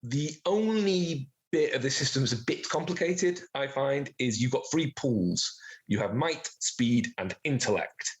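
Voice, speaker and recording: A man acting as game master, explaining the rules of a tabletop game in a relaxed, chatty way. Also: mid-range voice, a little slow. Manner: relaxed, explanatory, chuckles at own jokes.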